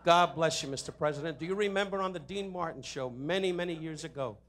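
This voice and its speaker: A man's voice: a little high, fairly bright tone, a little hiss or hum. Man roasting the room in jabs. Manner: rapid jabs, mock-sincere asides, frequent "anyway, uh". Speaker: comedian roasting the guest of honor. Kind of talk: insult comedy roast. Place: hotel ballroom at a benefit dinner.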